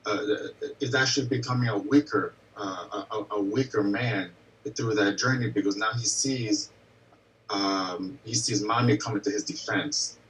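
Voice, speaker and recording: A man giving advice in a casual talk, halting and repeating words as he thinks. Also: medium pitch, a bit bright, recorded from a distance, rough recording.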